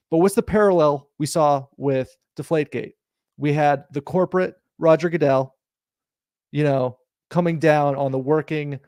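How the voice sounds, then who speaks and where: A man's voice: a little high, darkish tone, no room sound, studio quality. A man hosting a sports talk show, pressing his point insistently and building long analogies in casual debate.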